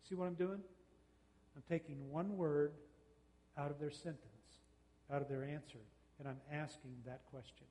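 A man giving a talk on parenting, folksy and conversational, acting out quick exchanges with kids. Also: a little high, steady tone, mellow, in a large hall, a little hiss or hum. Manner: folksy, uses quoted dialogue and quick mock exchanges. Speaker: speaker on parenting, radio host and counselor.

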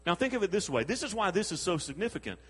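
Husky preacher in a reverberant hall. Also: male voice, high voice, quick pace. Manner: animated storytelling with chuckles and acted-out quotes. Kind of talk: sermon.

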